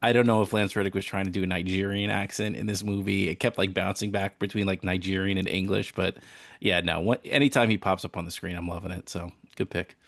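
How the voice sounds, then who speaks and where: A man's voice: low-pitched, steady tone, quick pace, no room sound, studio quality. A man co-hosting a casual movie podcast, laid-back and jokey, laughing often as he talks. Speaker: podcast co-host.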